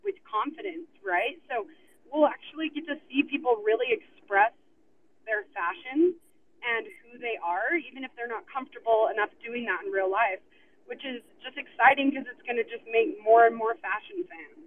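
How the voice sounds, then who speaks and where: A woman's voice: fairly high pitch, lively intonation, normal speed. A woman joining a casual panel, talking in an upbeat, chatty way and tagging sentences with "right?". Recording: tinny phone line with faint noise.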